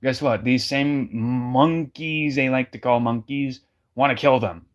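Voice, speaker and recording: A man's voice: mid-range voice, steady tone, a little slow. A man in casual chat, emphatic and repeating his points for effect.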